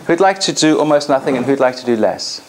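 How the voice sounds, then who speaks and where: A woman trainer leading a live coaching demonstration in front of an audience, animated and directive. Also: extremely low pitch, quick pace, heavy background noise.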